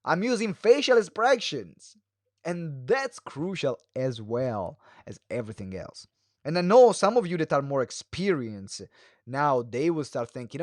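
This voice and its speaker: A man teaching a live webinar as a speaking coach, talking quickly with many fillers and restarts and shifting his pace and pitch for emphasis. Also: very animated, no room sound, clean studio sound. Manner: fast talker who varies pace and pitch; moves hands and head while talking.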